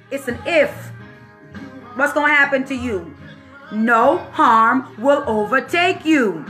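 A woman minister giving an informal, animated prophetic word to camera, laughing often and using casual slang. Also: sits high.

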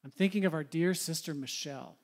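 A man's voice: a little high, fairly quick, darkish tone. Conversational male pastor preaching. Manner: conversational, asks the congregation questions. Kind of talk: sermon. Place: church sanctuary.

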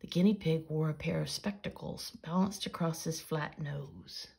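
A woman reading an old children's story aloud in a soft, breathy storytelling manner. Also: low-pitched, moderate pace.

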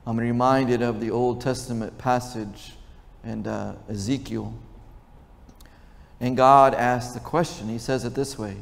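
A man's voice: medium pitch, fairly even intonation, measured pace, gravelly. An older man preaching a sermon as pastor, conversational and often asking the congregation questions. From Texas. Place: large church sanctuary. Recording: long church reverb.

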